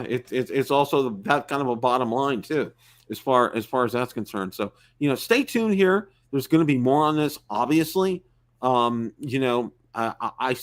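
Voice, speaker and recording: Rambling male live-stream show host. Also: mid-range voice. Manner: rambling, many fillers and restarts.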